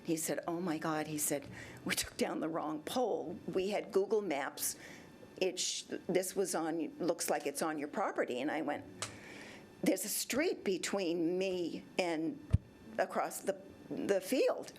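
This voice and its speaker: Slow-talking woman in her seventies. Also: fairly low pitch, expressive, a little hiss or hum. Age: 70s. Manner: rambling, acts out both sides of past conversations. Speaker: resident speaking at public comment. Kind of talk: recounting a personal complaint. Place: city council chamber.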